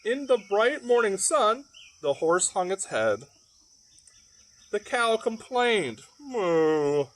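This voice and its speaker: Playful, animated man reading to kids. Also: high voice, slow, pauses often, a little hiss or hum. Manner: playful, chatty asides to kids. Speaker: library storyteller. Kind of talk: children's story read-aloud.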